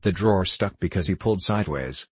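Male audiobook narrator, very deep and husky, dry close sound. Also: expressive, fast talker, dry recording. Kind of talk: scripted narration.

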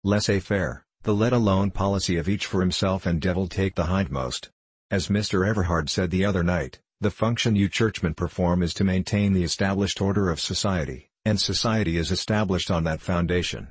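A man voicing a wry, amused older gentleman explaining calmly. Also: low-pitched, fairly quick, husky, no echo.

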